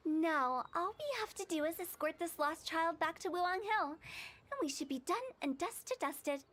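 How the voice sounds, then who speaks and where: A woman's voice: extremely high pitch, moderate pace, fairly bright tone. A cheeky funeral director girl. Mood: playful. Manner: teasing and self-assured. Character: cheeky young female funeral director, playful and bossy. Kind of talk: video game dialogue. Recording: game audio with faint music.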